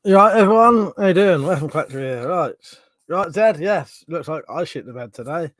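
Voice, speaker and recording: A man's voice: fairly high pitch, lively intonation, normal speed, fairly bright tone, dry recording. A man hosting a casual live stream, chatting with viewers, swearing and laughing often, with a runny nose.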